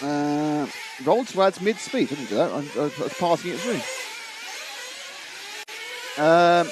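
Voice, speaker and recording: A man's voice: a little high, noisy background. A man giving live race commentary on a stream, chatty and wry, reading viewer comments and tripping over names. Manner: stumbles over names and restarts.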